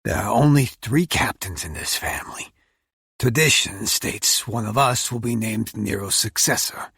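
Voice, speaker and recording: A gruff, proud older mob uncle who blusters and lectures in a husky voice, as a male narrator puts him on. The delivery is raised and insistent, recorded dry and close for an audiobook. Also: lowish voice, measured pace, a bit bright, no room sound, full character voice. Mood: firm.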